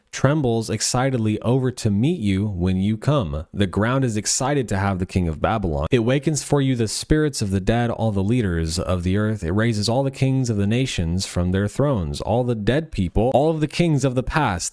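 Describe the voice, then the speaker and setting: A man's voice: lowish voice, a little mellow, no room sound, studio quality. A man teaching from the Bible, explaining passages and reading scripture aloud.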